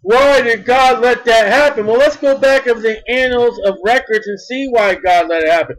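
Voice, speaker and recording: A man preaching a sermon in an emphatic style, repeating words and swinging between loud bursts and soft asides. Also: extremely high pitch, normal speed, low-quality recording.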